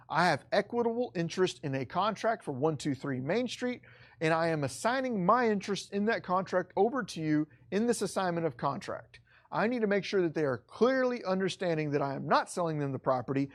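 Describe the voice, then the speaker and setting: An instructor lectures in an online course, pressing hard on each point and repeating key lines for effect. The talk stays blunt and casual, with plain everyday wording. The voice sits at a middle pitch. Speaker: real estate instructor.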